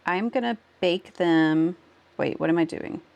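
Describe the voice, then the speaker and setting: A woman streams live while working on a craft, chatting casually with viewers, laughing often, giggling, thanking them warmly, and talking herself through each step. Her voice is on the low side with vocal fry, at a measured pace, and the audio sounds dull.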